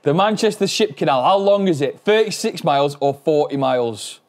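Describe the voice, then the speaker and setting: Playful young-sounding podcast host. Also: male voice, fairly high pitch, animated, normal speed, darkish tone. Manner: playful, quizzing the guest. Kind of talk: casual chat.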